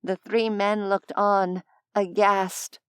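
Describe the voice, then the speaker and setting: A woman narrating an audiobook in a measured, expressive storytelling voice, close to the mic. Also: medium pitch, clear, resonant tone, no room sound.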